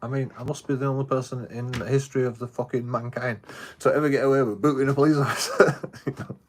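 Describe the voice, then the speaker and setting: A man's voice: mid-range voice, fairly even intonation, fast talker, a little hiss or hum. A man, telling a rambling, heavily sworn story in casual livestream chat. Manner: rambling, heavily profane storytelling with frequent restarts. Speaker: live streamer.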